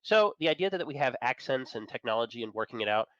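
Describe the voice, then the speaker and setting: Fast-talking opinionated man on a dull line. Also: medium pitch, animated, fairly bright tone, no room sound. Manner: fast, enthusiastic, opinionated, chuckles between points. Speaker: guest, managing editor of an entertainment and tech site. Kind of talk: casual chat.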